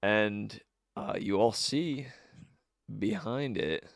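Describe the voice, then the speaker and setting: A man's voice: on the low side, creaky, dry recording, clean studio sound. A young man narrating a tabletop game as game master, rambling with many fillers and restarts. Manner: rambling, halting, with frequent fillers.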